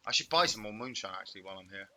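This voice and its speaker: Excitable man commentating gameplay. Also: on the low side, very fast, slight background noise. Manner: excitable, shouty, playful trash talk. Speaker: gaming host.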